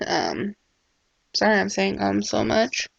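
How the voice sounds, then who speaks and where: Young woman with a gravelly voice, rambling. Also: mid-range voice, big pitch swings, slow pace, dry recording, muffled recording. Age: young adult. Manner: rambling, heavy on filler words. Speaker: vlogger. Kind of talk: casual personal vlog.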